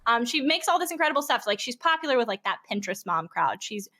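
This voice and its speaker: Bubbly young woman in her 20s, laughy storyteller, kinda high bright voice. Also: very animated, fast talker. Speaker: podcast guest, streamer. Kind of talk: casual chat.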